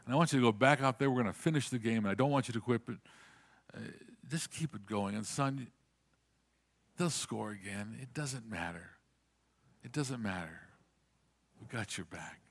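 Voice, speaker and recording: A man voicing a loving father who softly reassures his son. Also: mid-range voice, very fast, natural voice. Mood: tender. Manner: soft, tender, reassuring.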